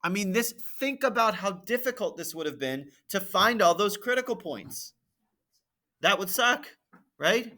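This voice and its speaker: A math teacher walking through a graphing problem on screen, thinking aloud and checking in with "right?" and "okay?". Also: male voice, sits high, expressive, a little slow, pushed and bright. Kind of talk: screen-recorded lesson walkthrough.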